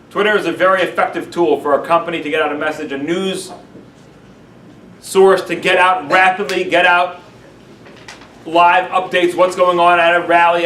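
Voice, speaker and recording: A man with a high-pitched voice gives a lively class lecture as a rabbi and acts out his examples for the room. He sounds a little distant from the microphone, and the room adds a noticeable echo. A faint background noise sits under his voice.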